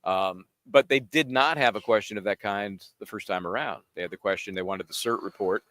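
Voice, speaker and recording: A man's voice: lowish voice, a little fast, fairly bright tone. A man co-hosting a live trial-watch show, talking in a chatty way that wanders onto tangents. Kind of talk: casual chat.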